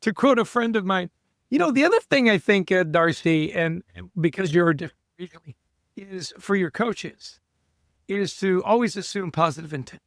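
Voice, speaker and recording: A man co-hosts a podcast with a high, gravelly voice. He talks with keen, coaching energy and steers the conversation along. The sound is dry and close. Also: animated, fairly bright tone, no echo. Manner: enthusiastic, coaching tone, runs the quick-fire questions. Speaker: podcast co-host. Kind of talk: casual interview chat.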